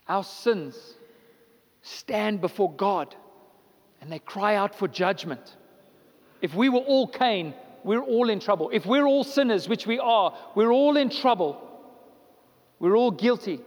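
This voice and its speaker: High-voiced man preaching in a hall. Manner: preaching with rising emphatic repetition. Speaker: pastor. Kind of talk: sermon.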